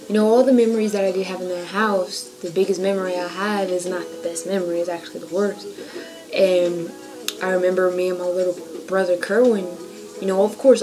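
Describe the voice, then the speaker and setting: A woman's voice: on the low side, rough recording. A young adult woman vlogger recounting a personal childhood story in a casual, slangy, emotional way. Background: background music.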